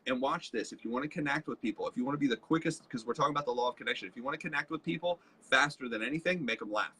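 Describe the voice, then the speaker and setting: A man co-hosting a live leadership show, telling stories with lively quoted voices. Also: mid-range voice, rapid-fire, husky. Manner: animated storytelling with quoted voices. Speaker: co-host, leadership trainer. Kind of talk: casual live-stream teaching.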